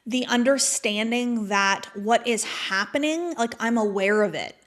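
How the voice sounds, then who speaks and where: A woman's voice: fairly high pitch, a little slow. A woman speaking candidly and reflectively as a podcast guest, in casual conversation full of "like" fillers. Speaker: podcast guest, manifestation mentor.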